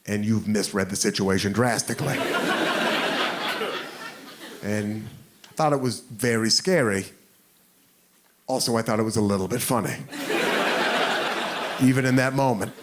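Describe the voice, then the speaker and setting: A man's voice: lowish voice, a little slow, pauses often. An American man doing stand-up storytelling with self-mocking asides, acting out his own panicked thoughts, on a comedy club stage into a handheld mic. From United States. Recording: noisy live club recording.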